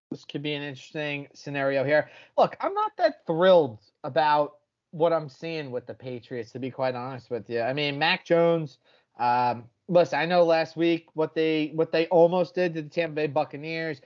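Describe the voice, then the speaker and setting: A man's voice: fairly high pitch, dull audio. A man hosting a sports betting podcast in casual, brash chat, swearing freely as he talks picks.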